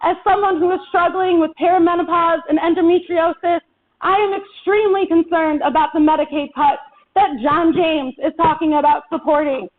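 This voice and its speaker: An impassioned woman organizer speaks to a town hall crowd in a very high voice, folksy and rousing. The sound is thin and tinny, like it came through a phone line. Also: fairly even intonation, normal speed. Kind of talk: rally speech. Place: town hall meeting room.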